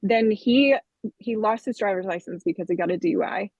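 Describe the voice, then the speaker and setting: A woman's voice: mid-range voice, a little fast, a little mellow, slightly rough, no room sound. Candid woman telling her story, dull sound. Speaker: podcast guest. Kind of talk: personal testimony in an interview.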